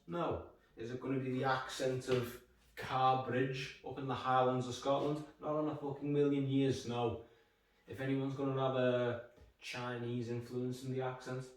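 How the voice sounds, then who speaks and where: A man's voice: mid-range voice, far from the mic. A man with a Liverpool Scouse accent reviewing a beer in rambling, jokey, sweary chat. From Liverpool, England. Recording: echoey room, voice off-mic.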